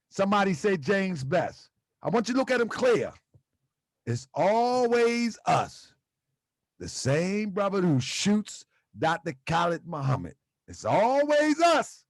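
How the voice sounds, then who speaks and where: A man with a strikingly high voice lectures his online audience and fires off repeated rhetorical questions. His pitch leaps around with lively energy. The sound is close and dry. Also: dry recording. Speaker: host. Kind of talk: livestream commentary to chat.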